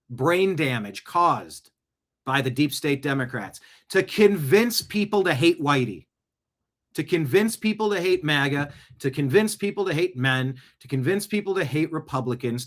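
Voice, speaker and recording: An expressive man with a fairly high voice, speaking at normal speed, hosts an online show of political commentary. He watches news clips and rants at them sarcastically, talking back throughout.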